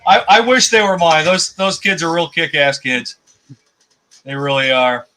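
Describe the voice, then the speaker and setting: A man's voice: on the high side, a little slow, sharp tone, slight background noise, low-quality recording. A man hosting a casual live stream chat, rambling and repeating words as he thinks.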